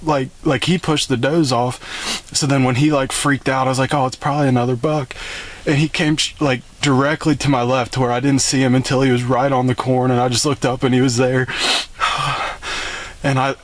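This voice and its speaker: A young man telling a story on a phone call, excited and rambling with lots of fillers. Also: medium pitch, normal speed. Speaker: bowhunting vlogger.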